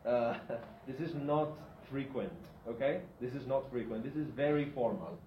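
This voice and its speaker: A man's voice: medium pitch, a little hiss or hum. A male teacher giving a classroom grammar lesson, repeating example sentences and checking in with students with a frequent "yeah?". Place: classroom with a whiteboard. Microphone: far from the speaker. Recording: echoey, distant, dull lo-fi room recording.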